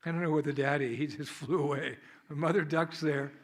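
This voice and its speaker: In a temple hall, a visiting monk with an American accent gives a devotional sermon, telling chatty stories, laughing often, and acting out scenes. His voice is a little high and steady in tone, and he speaks fairly quickly.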